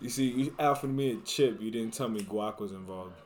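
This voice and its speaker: A man's voice: lowish voice, a little fast, noisy background. A young man guesting on a casual podcast, joking around in playful slang. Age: young adult. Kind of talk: casual chat.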